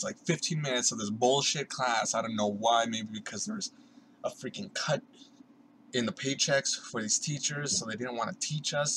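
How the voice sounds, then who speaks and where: A man's voice: mid-range voice, bright, forceful tone, slight background noise, low-quality recording. A young man ranting casually to the camera in a vlog, sarcastic and swearing, often mimicking other people. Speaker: vlogger.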